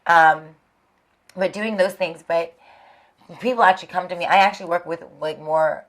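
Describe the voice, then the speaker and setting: A young adult woman, a fitness trainer, chatting in an interview, an animated storyteller who laughs often and swears freely. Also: on the low side, moderate pace. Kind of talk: casual interview chat.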